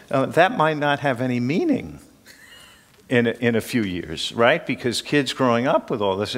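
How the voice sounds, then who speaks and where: A man's voice: medium pitch, expressive, normal speed. Older man lecturing in a reverberant hall. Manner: conversational, asks the room questions, chuckles. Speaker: teacher. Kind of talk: informal lecture to a class.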